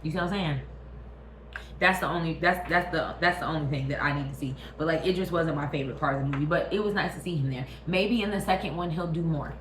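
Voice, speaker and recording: A woman gives a loose, animated movie review in a fairly low voice. She swears freely and keeps asking the viewer if they follow, and her voice carries a roomy echo. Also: fast talker, a little hiss or hum. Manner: animated, profane, talks straight at the viewer. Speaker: vlog host. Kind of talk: casual movie review rant.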